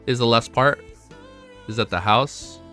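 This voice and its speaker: A young man streaming to his chat, excitable and emotional, swearing often and reading chat messages aloud. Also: mid-range voice, unhurried, soft background music. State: emotional, close to tears. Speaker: streamer reacting to a web novel. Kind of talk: casual live-stream chat.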